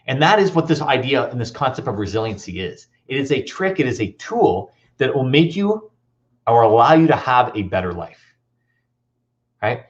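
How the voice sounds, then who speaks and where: A man's voice: mid-range voice, moderate pace. A man giving a motivational talk at a school assembly, telling stories and quizzing the audience. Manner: animated, storytelling, audience questions. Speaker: motivational speaker. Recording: dull lo-fi recording.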